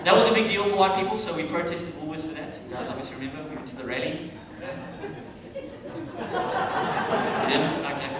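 A South African man doing stand-up comedy, loud and swearing, with shouted punchlines. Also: fairly high pitch, very animated, normal speed, pauses often, very noisy. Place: comedy club stage with a laughing crowd. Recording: echoey club room taped from a distance.

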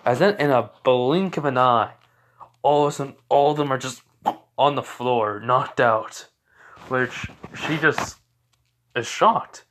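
A man's voice: mid-range voice, measured pace, a bit bright. A young man tells a fan story off the cuff, rambling and correcting himself with plenty of fillers. His delivery is loose and informal, like talking to viewers at home. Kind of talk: casual fan-fiction storytelling.

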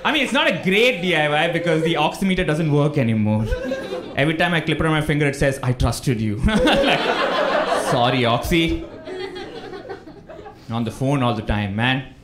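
Pausing often at a normal speed, the young Indian comedian uses a high, expressive voice during his live stand-up set. He laughs as he jokes and acts out phone calls while loud crowd laughter fills the echoey club.

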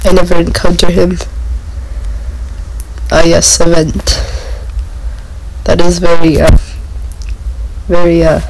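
A jittery gamer talks through a horror game in slow, drawn-out phrases. The voice has a gravelly, fry-filled edge, captured with the mic almost touching the mouth, and a faint hiss sits underneath. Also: mid-range voice, little pitch movement, darkish tone, rough recording. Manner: jittery, keeps exclaiming in dread. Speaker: gameplayer. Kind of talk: horror gameplay commentary. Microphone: pressed right up to the mouth.

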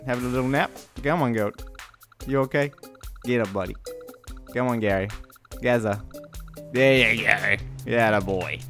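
A man's voice: medium pitch, slow pace, long pauses, a bit bright, faint music behind. A man giving casual let's-play commentary at home into a desk microphone, laughing often and yelping at surprises. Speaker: gaming commentator. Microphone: desk USB microphone.

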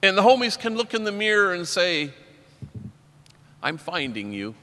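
Man, priest, keynote speaker, clear bright voice, slightly high, booming hall echo, storytelling talk. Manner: story-driven, quotes poets and people he works with. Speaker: priest giving a conference keynote. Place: large conference hall. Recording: long hall reverb.

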